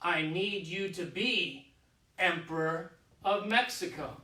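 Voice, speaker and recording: A man putting on a commanding emperor who drops his voice deep and doles out slow, clipped lines. The sound is roomy, picked up from across a living room. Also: sharp tone, exaggerated voice. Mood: menacing. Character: stern scheming male emperor Napoleon, commanding. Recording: roomy room audio from a distant camera.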